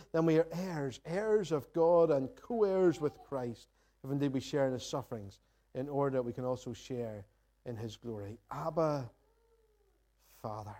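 A pastor preaches in a church sanctuary, earnest and reflective as he reads scripture and poses questions to the congregation. His voice is fairly high and warm, at a moderate pace.

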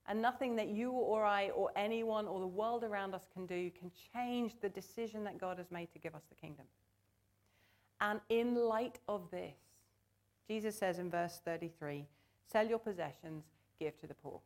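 A woman's voice: medium pitch, moderate pace. A woman preaching a sermon in church, earnest and conversational, asking the congregation to join in.

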